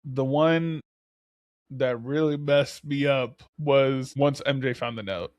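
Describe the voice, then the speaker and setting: A young man co-hosting a podcast in casual chat, animated and laughing as he acts out his own reactions. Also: mid-range voice, slow pace, no room sound, studio quality. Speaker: podcast co-host.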